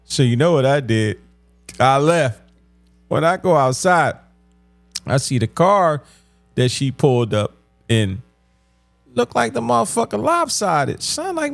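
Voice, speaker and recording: Man telling crude comedy stories, slow and lively. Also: on the high side, creaky, no echo. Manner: slow, drawn-out delivery that breaks into loud laughing; crude, profane street slang. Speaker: stand-up comedian. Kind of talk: comedic storytelling.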